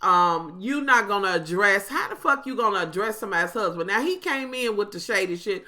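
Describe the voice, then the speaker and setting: A woman, recapping a reality show in a sassy, profane, animated monologue to her viewers. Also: mid-range voice, brisk. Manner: breaks into mocking impressions of others.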